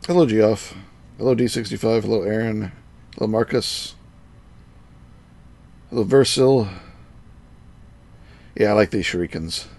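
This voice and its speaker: A man's voice: fairly low pitch, measured pace, long pauses, a little mellow. A man thinking aloud as he plays a game on a live stream, muttering to himself and greeting his viewers.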